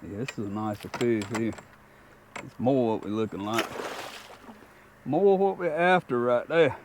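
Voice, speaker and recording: A man's voice: mid-range voice, measured pace, noisy background. Folksy man fishing from a boat. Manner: folksy, excited exclamations, laid-back drawl. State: out of breath at times. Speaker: fishing vlogger. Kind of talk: casual outdoor fishing vlog. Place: small jon boat on open water.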